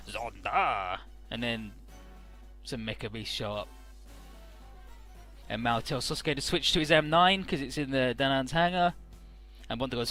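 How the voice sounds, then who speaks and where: Man, casual game commentary, bright forceful voice, swears, does goofy character voices, faint game music behind. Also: mid-range voice, normal speed. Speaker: let's play commentator.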